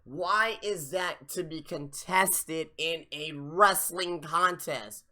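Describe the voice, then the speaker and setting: Bright-voiced man ranting, profane and exasperated. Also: a little high, takes it slowly. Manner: profane, exasperated ranting with sudden loud outbursts. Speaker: podcast host reviewing wrestling. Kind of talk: live wrestling review rant.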